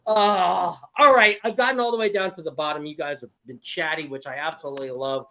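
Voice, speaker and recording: A man's voice: on the high side, steady tone, fairly quick, sharp tone. A man hosting a casual live-stream game show, laughing often and reading viewer chat aloud.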